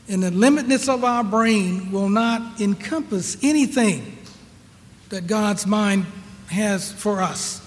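A man delivers a sermon in a notably high voice, stretching out each phrase at a slow, deliberate pace. He relies on repeated rhetorical questions, and a long hall echo follows his words.

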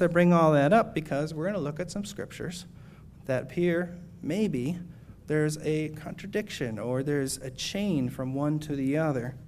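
A man's voice: fairly high pitch, darkish tone, a little hiss or hum. Earnest man preaching, slightly raised voice. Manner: earnest, measured, reads scripture aloud. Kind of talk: sermon.

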